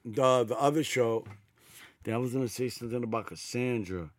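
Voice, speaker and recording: A man co-hosting a casual podcast, telling animated stories full of profanity and acted-out quotes. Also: medium pitch, brisk, no echo. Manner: animated storyteller, acts out quotes. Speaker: podcast co-host.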